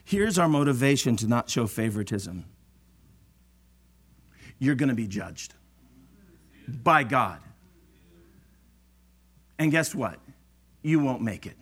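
A middle-aged man preaching a sermon, animated and acting out the voices of churchgoers. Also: mid-range voice, takes it slowly, long pauses, husky.

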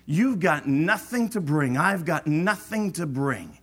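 Male preacher, middle-aged, slow animated sermon delivery with a bright, forceful tone. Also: fairly high pitch, husky. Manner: animated, acts out voices of churchgoers.

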